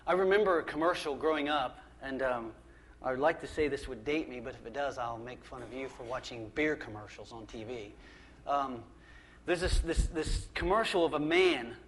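A man's voice: mid-range voice, normal speed, fairly bright tone, slight background noise. A man pastor preaching a sermon in a church, conversational and emphatic, often restarting and repeating phrases.

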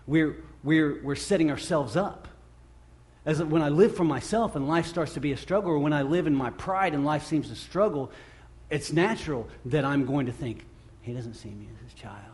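A middle-aged man preaching to his congregation in a slightly high voice. He talks earnestly and haltingly, circling back over his words and repeating himself before he lands a point. When he acts out the scripture his voice swells and grows louder. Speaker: pastor. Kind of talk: sermon.

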